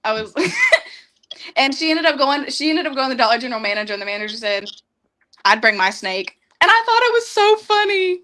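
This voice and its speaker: A young woman sits in a studio and tells everyday stories with lots of laughter. Her voice is high and bright. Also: fast. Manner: laughing, animated storyteller. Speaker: studio guest. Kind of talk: casual storytelling.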